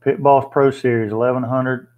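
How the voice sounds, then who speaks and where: In narrow, tinny audio, a man with a mid-range voice speaks at normal speed and shows little pitch movement. He runs a casual livestream, going through viewer comments, chatting plainly, and musing aloud with fillers.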